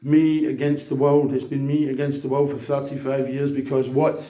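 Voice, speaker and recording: A man holds forth in a rambling, emphatic monologue that turns preachy. His voice is dark and mellow. It rings in a roomy, echoey space. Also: mid-range voice, little pitch movement, moderate pace. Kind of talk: casual monologue.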